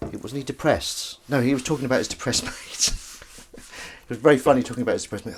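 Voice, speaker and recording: A man's voice: mid-range voice, expressive, fast talker, background noise. A man hosting a livestream, chatting and rambling while washing dishes. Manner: rambling, chatty, self-interrupting. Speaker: livestream host. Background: clattering dishes and cutlery.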